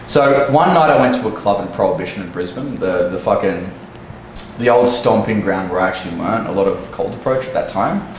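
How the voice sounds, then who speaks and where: Young aussie guy, dating coach, swears a lot, chatty, echoey room, faint hum behind. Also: on the low side. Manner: blunt, profane, chatty. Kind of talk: casual storytelling to camera.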